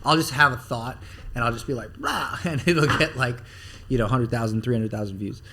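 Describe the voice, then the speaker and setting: A man talking as a podcast guest about marketing, animated and blunt, with some swearing, acting out the things people say. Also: mid-range voice, a little fast. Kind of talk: casual podcast interview.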